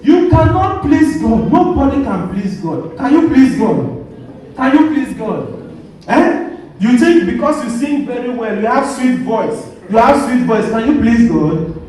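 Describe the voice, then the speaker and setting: A man's voice: very high-pitched, very animated, measured pace, a little mellow. A man, a Catholic priest, preaching a sermon and quizzing his congregation with call-and-response questions. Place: church. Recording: echoey church from far off.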